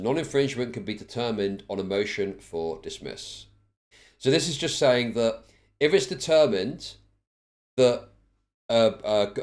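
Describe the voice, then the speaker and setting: A lively, sardonic male live streamer with a fairly low voice reads a court ruling aloud and comments on it. He reads quickly, then breaks off into bored, sardonic asides.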